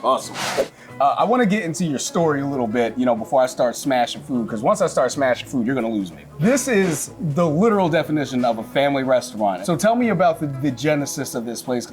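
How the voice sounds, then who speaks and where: A young man hosting a food show, tasting dishes with excitable, hyped reactions and casual banter. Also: medium pitch, fast talker, soft background music.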